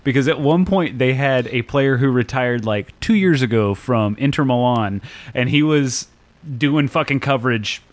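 A man's voice: medium pitch, moderate pace. A man co-hosting a casual sports chat, telling rambling stories with a lot of swearing and laughter.

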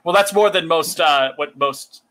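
A man co-hosting a podcast, chatting casually and teasing his friend with quick jokes. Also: fairly high pitch, sharp tone. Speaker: podcast co-host. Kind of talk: casual chat.

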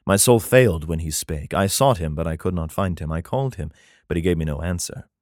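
Deep-voiced guy reading old scripture and swearing at it, dry close sound, laughs a lot. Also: lively intonation, brisk, darkish tone, no room sound. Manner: profane, mocking, laughs at the text. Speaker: reader giving comic commentary. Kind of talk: crude comedic reading with asides.

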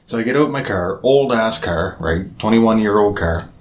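A man in his thirties from Nova Scotia with a fairly low voice. He tells a story in a casual chat, animated and profane, and acts out the lines of the people in it. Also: normal speed. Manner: profane, animated retelling with acted-out quotes.

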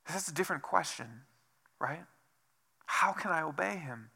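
A man's voice: on the high side, expressive, moderate pace, gravelly, pushed and bright, husky. A man preaching a sermon as pastor, asking rhetorical questions over and over and dropping to a whisper for emphasis. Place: church.

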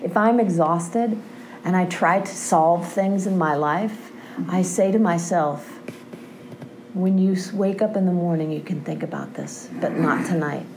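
A woman's voice: on the low side, measured pace, noisy background. A woman giving an impassioned personal testimony about recovery, earnest and often checking in with a questioning "right?". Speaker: speaker sharing a recovery story.

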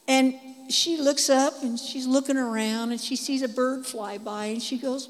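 A woman preaching a testimony sermon, telling her story in lively, animated bursts and repeating phrases for emphasis. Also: high voice, moderate pace. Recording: long hall reverb.

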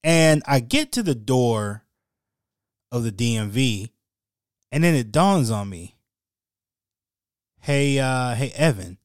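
A man's voice: mid-range voice, sing-song, slow pace, pauses often, no room sound, studio quality. Wry, slangy man telling a story. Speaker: podcast host. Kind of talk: casual solo storytelling.

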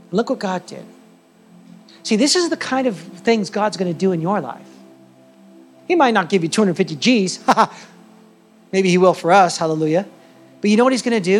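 A man preaching a sermon as the church's pastor, telling a story with animated, emphatic delivery. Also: high voice.

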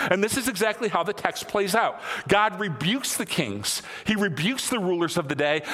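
A man in his thirties preaching a sermon in a church, talking conversationally, repeating phrases for emphasis and climbing to excited peaks. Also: sits high. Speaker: pastor. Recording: long hall reverb.

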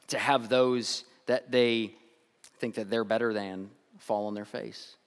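A male pastor giving a conversational sermon, telling stories and often restarting and repeating his words. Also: medium pitch. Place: church sanctuary. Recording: long reverb.

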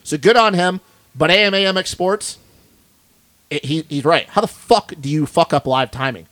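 A man's voice: fairly high pitch, normal speed, a bit bright, dry recording. A man co-hosting a podcast in a studio, ranting bluntly and swearing a lot in casual chat. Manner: blunt, profane, fired-up ranting. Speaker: podcast co-host.

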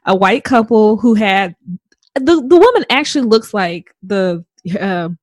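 A woman's voice: mid-range voice, big pitch swings, measured pace, no room sound. A woman podcast host in casual chat, telling stories with frequent giggles. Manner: giggly, laughs through stories.

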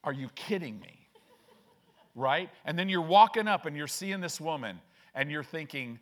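A man's voice: fairly high pitch, lively intonation, a little slow, fairly bright tone. A man preaching a conversational sermon as pastor, often asking "right?", acting out quoted voices and reading scripture aloud. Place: church sanctuary.

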